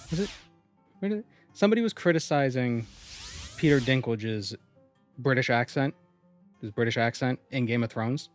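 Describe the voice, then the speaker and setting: A man streaming a game, chatting casually and reading viewer comments aloud before answering them. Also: mid-range voice. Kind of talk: casual live-stream chat.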